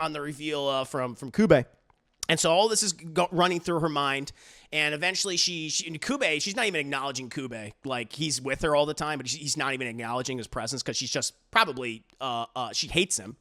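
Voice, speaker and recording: A man reviewing an anime episode in casual recap style, animated and profane, with lots of fillers. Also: fairly high pitch.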